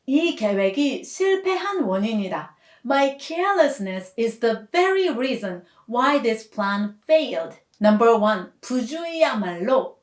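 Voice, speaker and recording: A woman language teacher giving a scripted grammar lesson, explaining each point clearly and patiently. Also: a little high. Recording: echoey room.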